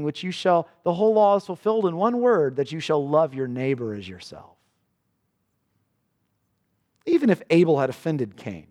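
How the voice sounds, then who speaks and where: A man preaching a sermon in earnest. His pitch rises for questions and drops low and slow for solemn passages. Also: darkish tone. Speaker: pastor. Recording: long reverb of a church hall.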